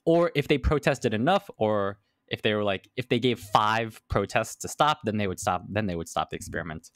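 A man's voice: lowish voice, animated, moderate pace, no room sound, clean studio sound. A man hosting a podcast, explaining a study in casual chat and repeating words as he thinks. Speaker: podcast host.

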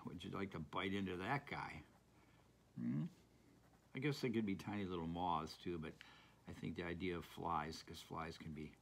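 A man's voice: sits low, vocal fry, bright, forceful tone, husky. A man giving a casual, playful drawing tutorial, chatting to viewers as he colors with markers and pencils. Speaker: art teacher.

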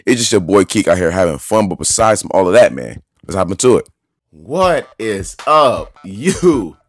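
A man giving casual gameplay commentary as a YouTuber, talking loose and slangy to his viewers and getting excitable over the action. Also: low-pitched, fast talker. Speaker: gaming YouTuber.

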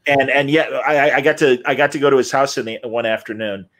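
A man's voice: medium pitch, fairly even intonation, fast, a bit bright. A man hosting a live Q&A interview, telling anecdotes animatedly and acting out the people he quotes. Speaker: host.

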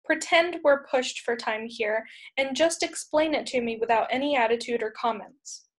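A woman voices a gruff, hot-tempered male fairy commander, blunt and sarcastic, barking threats in a storybook reading. The pitch stays a touch high. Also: moderate pace, lightly acted.

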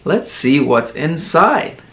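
Man, toddler teacher, very slow, lively bouncing pitch, exaggerated word modelling. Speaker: children's teacher.

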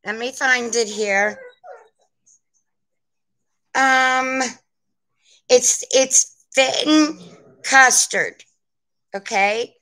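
Sex: woman. Role: vintage seller on a live stream. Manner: chatty, rambling, slow. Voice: bright, a little high. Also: rough recording. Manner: chatty, rambling, warm toward her viewers. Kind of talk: live-stream sales chat. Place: at home, indoors.

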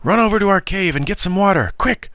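A man's voice: medium pitch, expressive, moderate pace, fairly bright tone, no room sound, studio quality, pitched above the performer's own voice, natural voice. A man voicing an older schoolboy who protects the smaller boys and scolds a bully firmly. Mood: indignant. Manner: firm and scolding.

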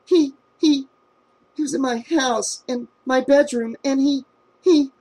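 A man's voice: big pitch swings, normal speed, darkish tone, heavily acted, rough recording. A man putting on a stammering frightened teen girl. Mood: panicked. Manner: stammering, high and breathy. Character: frightened teenage girl, shaken and tearful.

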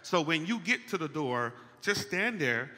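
A man's voice: on the high side, measured pace. A man preaching a playful, conversational sermon, calling out to the congregation. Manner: animated, playful, calls out to the congregation. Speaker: pastor. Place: church sanctuary. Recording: long church hall reverb.

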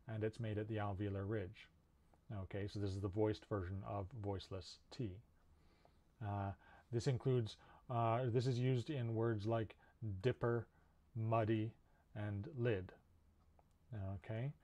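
A man's voice: medium pitch, a little mellow. A man teaching in a recorded video lecture, explaining patiently with frequent "uh" fillers. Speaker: linguistics instructor.

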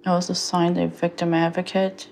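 A young woman telling her own story in a halting way, full of fillers and restarts. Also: fairly low pitch, completely flat delivery, vocal fry, a little mellow, soft background music. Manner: halting, many fillers and restarts, quotes others. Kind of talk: personal testimony.

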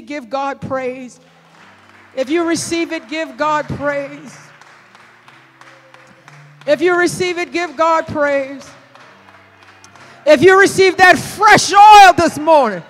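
A woman pastor leading a fervent sermon and altar call, shouting prayers and pleading with the congregation. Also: high voice, long reverb tail. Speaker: senior pastor.

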